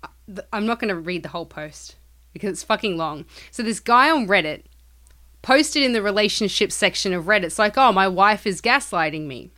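A woman's voice: medium pitch, animated, a little fast, pushed and bright. A woman co-hosting a podcast, casually retelling a strange story with lots of swearing and acted-out quotes. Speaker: podcast co-host.

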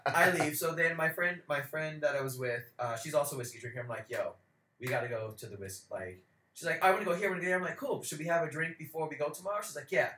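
A young man spins a rowdy story as a podcast co-host, cursing freely and slipping into the voices of the people he met. His voice sits a bit high and sounds bright and forceful. The room is noticeably echoey. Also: quick pace, slight background noise. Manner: animated, profane, acts out quoted voices. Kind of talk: casual storytelling chat. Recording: roomy echo.

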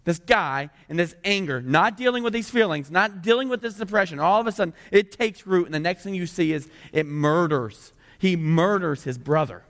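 A man's voice: sits high, lively intonation, moderate pace, few pauses, fairly bright tone, big-room sound. A male pastor preaching a sermon in a church, conversational and full of rhetorical questions. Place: church sanctuary.

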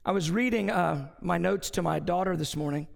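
A man's voice: sits high, a little fast, creaky. A man preaching a sermon as pastor, conversational, with anecdotes and asides, in a church sanctuary. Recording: long reverb from a large hall.

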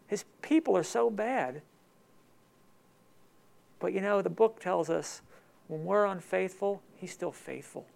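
Emotional high-pitched gravelly preacher man. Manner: emotional, swings between loud emphatic and soft hushed. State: tearful. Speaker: pastor. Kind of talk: sermon.

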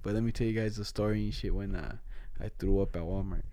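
Mellow-voiced young man, slangy storytelling. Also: on the low side, steady tone, fast. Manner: slangy, profane, laughing while telling a story. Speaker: storyteller in casual chat. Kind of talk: casual chat.

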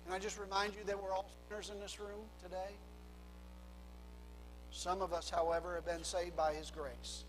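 A man preaching a sermon as a pastor, swinging between hushed low phrases and loud emphatic lines. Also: level tone, moderate pace, pauses often, long reverb tail, soft background music, poor audio. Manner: preaching with dramatic drops to a hush and rising emphasis.

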